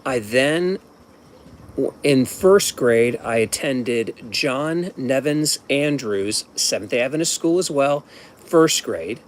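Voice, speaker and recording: A man in his fifties from Ohio tells a personal story at home, rambling casually, often starting over and tossing in asides. His mid-range voice is expressive and slow, with a little hiss or hum in the background.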